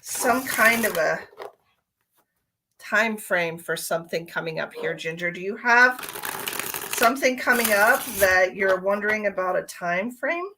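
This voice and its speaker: A woman's voice: mid-range voice, unhurried, noisy background. A tired woman, a psychic medium, chatting casually on a live stream and calling viewers by name while she gives readings.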